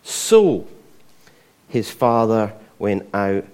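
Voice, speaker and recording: A man's voice: lowish voice, unhurried, a little mellow. A Scottish man preaching a conversational sermon, with frequent asides to the congregation. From Scotland.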